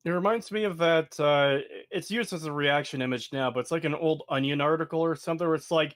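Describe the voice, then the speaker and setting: A man's voice: a little high, a little fast, hardly any pauses, a bit bright. A man co-hosting a stream, casually questioning points in a video. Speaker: stream co-host. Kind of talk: casual chat reacting to a video.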